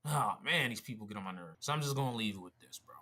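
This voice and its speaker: Animated bright-voiced man telling a story. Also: on the low side, rapid-fire. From Pennsylvania. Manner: casual slangy, swears, says bro often. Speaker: vlog host reacting to a video. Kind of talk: casual reaction vlog storytelling.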